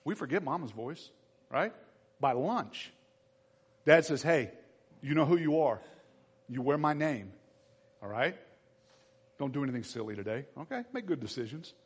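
A man preaching a sermon to his church, animated and acting out the voices of everyday people. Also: mid-range voice, normal speed, long pauses, husky. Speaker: pastor. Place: church sanctuary. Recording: long reverb in a church hall.

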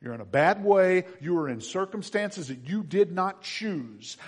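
A man preaches to his congregation in a fairly high, very lively voice. He drops into quiet, chatty asides and then climbs into loud, emphatic build-ups, often turning to the crowd and the kids with questions. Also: measured pace, hardly any pauses, husky, big-room sound. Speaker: pastor. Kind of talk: sermon.

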